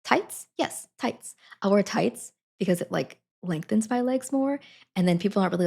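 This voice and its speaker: A woman's voice: medium pitch, expressive, moderate pace, gravelly, a little mellow, husky. A woman chatting casually to her live stream audience, giggling between sentences. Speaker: Twitch streamer.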